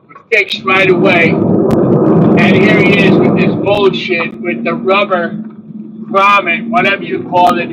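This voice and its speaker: A man's voice: high voice, very noisy. A man telling casual, profane stories about driving trucks on a livestream. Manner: profane, animated storytelling. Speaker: truck driver vlogger. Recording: dull lo-fi sound from a distant mic.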